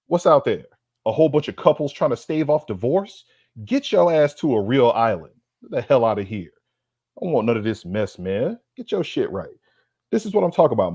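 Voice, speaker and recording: A man with a medium-pitched, slightly mellow voice comes through a muffled recording without echo. He co-hosts a sports podcast and rants through a heated roast, profane and fired up, with streetwise slang and lines repeated for emphasis.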